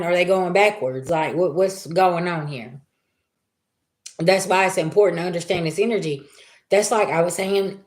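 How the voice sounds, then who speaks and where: A woman reading on a live stream, talking in a chatty, emphatic way and throwing out rhetorical questions. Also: lowish voice. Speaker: live-stream spiritual reader. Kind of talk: casual live-stream monologue.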